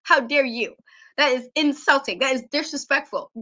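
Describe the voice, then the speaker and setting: A woman co-hosting a wrestling talk show, ranting in an animated, exasperated way and laughing often. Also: sits high, normal speed. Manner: emphatic repetition. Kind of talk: casual podcast rant.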